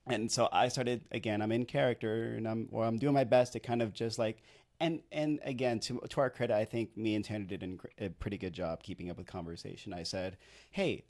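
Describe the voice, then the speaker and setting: A man's voice: fairly low pitch, fairly even intonation, brisk, darkish tone. A man in his thirties telling a story on a podcast in a rambling, self-deprecating way, with lots of "like". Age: 30s. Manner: rambling, chatty, self-deprecating, heavy use of "like". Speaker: podcast co-host and wedding videographer.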